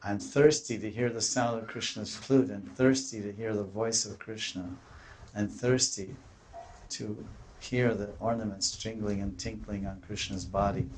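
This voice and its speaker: A man's voice: on the low side, fairly even intonation, a little slow, darkish tone, slight background noise. Man giving a devotional scripture lecture. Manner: breaks into raised, pleading voices when quoting devotees; restarts and searches for words.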